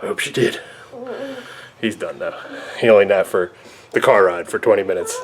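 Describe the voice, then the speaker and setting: A man filming his young sons at home on a handheld camera, chatting in playful sing-song baby talk and turning hushed and tender at bedtime. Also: medium pitch, animated, brisk, long pauses. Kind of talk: casual family vlog. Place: family home, party then bedroom. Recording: noisy home video.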